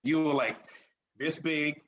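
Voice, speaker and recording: A man as a guest in a casual conversation, talking haltingly with repeated words and emphatic affirmations. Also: fairly high pitch, fairly even intonation, fairly bright tone, slight background noise. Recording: slightly dull lo-fi sound.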